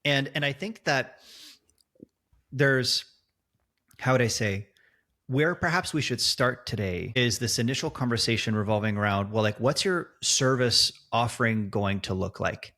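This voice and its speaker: A man's voice: mid-range voice, measured pace, bright, forceful tone. Chatty male podcast host. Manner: rambling, laughs easily, restarts sentences. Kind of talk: casual podcast chat.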